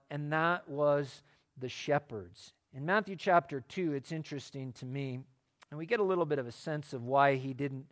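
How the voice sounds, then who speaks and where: A man preaching a sermon in a conversational way, asking his listeners rhetorical questions. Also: medium pitch. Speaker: pastor.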